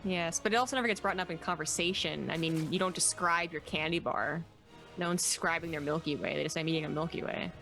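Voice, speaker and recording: A woman's voice: deep voice, fast talker, creaky, fairly bright tone, soft background music. A woman co-casting a strategy game match live, chatty and opinionated, teasing her partner. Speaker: esports co-caster. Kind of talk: live commentary and banter.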